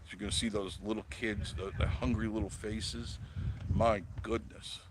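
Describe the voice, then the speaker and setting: A man's voice: on the low side, little pitch movement, normal speed. A man hosting a casual live stream, telling rambling stories, chuckling and answering viewer comments. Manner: rambling storyteller, chuckles often. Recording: audible background noise.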